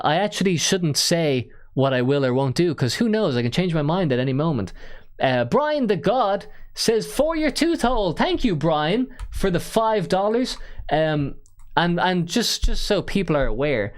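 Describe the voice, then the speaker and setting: A man hosting a live-stream call-in show, chatting casually, self-mocking and rambling with fillers. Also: medium pitch.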